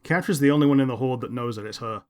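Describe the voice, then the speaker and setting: Male podcast co-host, mid-pitched voice, laid-back and informative, casual chat. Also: very fast. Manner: laid-back, explains show details, agreeable.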